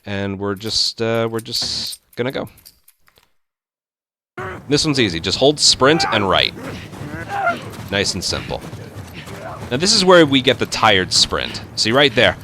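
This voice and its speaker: A man hosting a speedrun tutorial, explaining step by step in relaxed casual game commentary. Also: lowish voice, takes it slowly, pauses often, noisy background.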